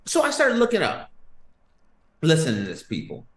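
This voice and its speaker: A man's voice: a little high, moderate pace, reverberant, a little hiss or hum. A man hosting a sports podcast, ranting and joking emphatically in casual banter. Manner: animated, joking, emphatic rants.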